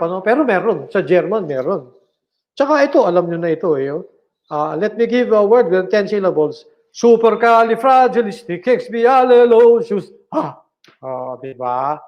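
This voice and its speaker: A male philosophy lecturer with a Filipino accent teaches in an unhurried, higher-pitched voice. He mixes English and Tagalog, asks the class questions and answers them himself, and repeats each key point. He jokes now and then. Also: highs cut off.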